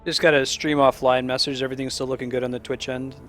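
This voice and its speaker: A man's voice: mid-range voice, little pitch movement, fast talker, a bit bright, soft background music. A man casually commenting while streaming a game, with chatty, musing asides. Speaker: gaming streamer. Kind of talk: casual let's-play commentary.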